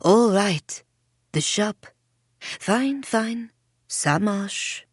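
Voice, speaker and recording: A woman's voice: medium pitch, lively intonation, drawn-out words, breathy edge, no room sound, clean studio sound, pitched above the performer's own voice, full character voice. A woman narrator voicing an elegant, cold mother who owns a boutique and drops in French words. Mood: dismissive. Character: elegant, cold female shop owner, a mother.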